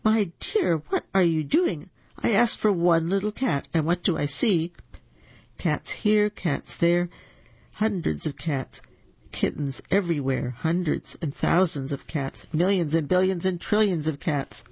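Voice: medium pitch, expressive, a little slow, vocal fry, a little mellow, breathy edge, dry recording, heavily acted. A storyteller voicing a fretful, exasperated, very old woman, on a dull lo-fi recording.

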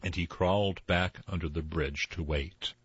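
An older man reading children's stories aloud in a slow, expressive storytelling manner. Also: sits low, breathy edge, no room sound. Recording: slightly dull dry recording.

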